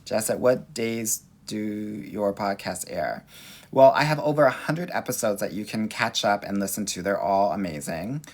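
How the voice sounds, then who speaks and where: A sassy, animated Los Angeles man with a Valley accent works as a dating coach, answering viewer questions on a livestream. His voice is lowish and his pace moderate.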